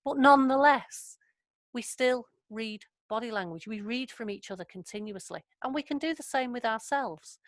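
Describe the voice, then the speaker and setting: A woman's voice: a little high, moderate pace, no echo. A woman leading an online training session over a video call, chatty and affirming. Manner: chatty, affirming, laughs often. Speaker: workshop facilitator.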